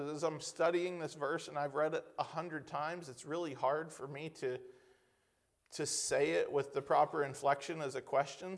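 Man, preacher, sermon, fairly high voice, gravelly, rhetorical questions, slow emphatic scripture reading. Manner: conversational, peppered with rhetorical questions; reads scripture slowly with emphasis.

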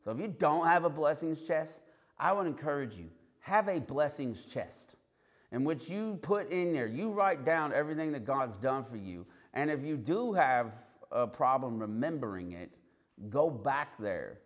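Here a street preacher, mid-range in pitch and moderate in pace, tells his testimony in sermon form, bringing it to life by acting out each quote.

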